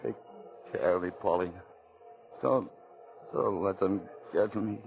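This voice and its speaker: An actor playing a wounded, desperate fugitive in a vintage radio drama, speaking in terse, halting lines. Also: male voice, low voice, creaky, darkish tone, low-quality recording. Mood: exhausted. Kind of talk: 1940s radio acting.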